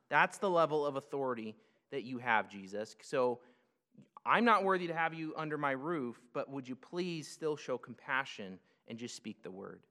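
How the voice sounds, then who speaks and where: A pastor works through a passage in a conversational sermon, breaking off for rhetorical asides. His voice is bright and sits a little high for a man. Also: very animated, normal speed. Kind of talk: expository sermon.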